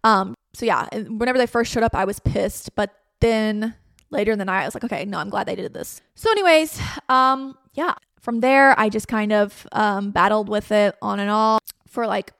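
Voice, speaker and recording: A woman's voice: medium pitch, normal speed, vocal fry, no room sound, studio quality. A young woman, a podcast host candidly telling a personal story in a chatty way, often saying "like". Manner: chatty, frequent "like", quotes herself and others in lively voices.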